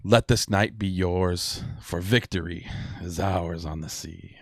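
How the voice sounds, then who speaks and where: A man's voice: low-pitched, slow, dry recording, clean studio sound, full character voice. A man voicing a boastful pirate lord captain who gives a grand toast in pirate talk. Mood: proud toasting.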